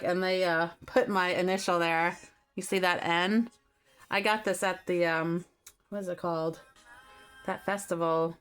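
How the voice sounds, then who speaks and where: Slow, chatty woman reading tarot. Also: lowish voice. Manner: chatty, speaks straight to the viewer, laughs easily. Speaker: tarot reader. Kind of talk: casual tarot reading video. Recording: faint music behind.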